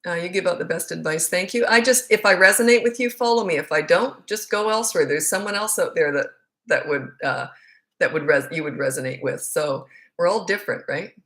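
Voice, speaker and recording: Blunt middle-aged woman with a lower voice. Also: a little fast, fairly bright tone. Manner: blunt, frank and emphatic, repeats words for stress. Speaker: parenting coach. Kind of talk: casual Q&A answering viewer questions.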